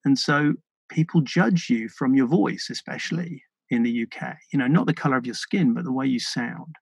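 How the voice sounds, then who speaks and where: A British man speaking as a podcast guest, earnest and thoughtful, often pausing and restarting his sentences. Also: mid-range voice, vocal fry, slightly rough, no echo, low-quality recording. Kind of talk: reflective interview conversation.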